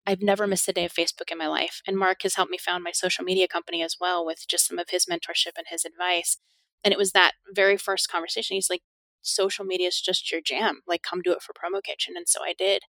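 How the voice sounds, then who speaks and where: A woman's voice: fairly low pitch, a bit bright, no room sound. A middle-aged woman, a podcast guest, telling stories in a casual interview, laughing often and acting out the speech she quotes.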